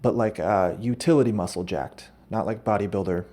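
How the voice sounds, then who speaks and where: Fairly low in pitch and a little fast, the man's mellow voice carries a silly, meandering story on his podcast. He often breaks off mid-thought to fix what he just said.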